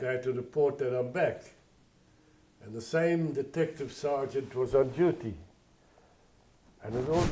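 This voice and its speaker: An older man from South Africa recalls his past in a plainspoken, rambling way. His voice is mellow and warm, at an ordinary pitch. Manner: plainspoken, digressive storytelling. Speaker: interviewee. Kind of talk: oral history interview.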